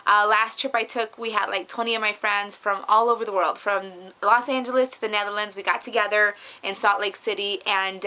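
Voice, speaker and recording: A woman's voice: mid-range voice, sharp tone. A middle-aged woman giving an upbeat weight-loss update in a casual vlog, bubbly and effusive, repeating words for emphasis. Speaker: vlogger.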